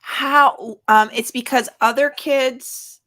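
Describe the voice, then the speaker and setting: A woman's voice: sits high, steady tone, takes it slowly, bright, forceful tone. A woman co-hosting a podcast, teasing and chiming in during casual chat. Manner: teasing, laughing interjections.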